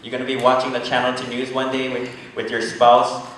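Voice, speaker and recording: A man giving an energetic, joking motivational speech at a business event, pushing the crowd to answer back. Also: medium pitch, fairly quick. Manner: energetic, joking, pushes the audience to respond. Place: large event hall. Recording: echoey hall from far off.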